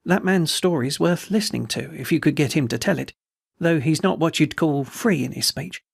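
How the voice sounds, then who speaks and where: A man's voice: on the high side, normal speed, gravelly, breathy edge, no room sound, clean studio sound. A man voicing a persistent, confiding middle-aged prison head warder with informal, chatty speech.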